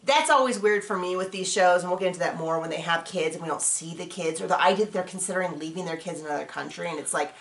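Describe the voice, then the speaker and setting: A woman's voice: fairly low pitch, quick pace, hardly any pauses, roomy sound, slight background noise. A woman hosting a casual reality TV recap, chatting and rambling as she acts out what people said.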